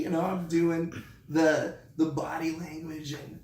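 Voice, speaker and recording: A man who teaches online, telling a story in a casual vlog with animated delivery. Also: a little high, measured pace, creaky, roomy sound, recorded from a distance. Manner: animated, acts out his classroom voice.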